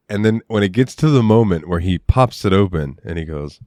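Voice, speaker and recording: A man's voice: low voice, fast talker, few pauses, darkish tone, dry recording, studio quality. A man co-hosting a podcast, chatting about a movie in a laid-back, enthusiastic way and swearing freely. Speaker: podcast co-host. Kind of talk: casual movie review chat.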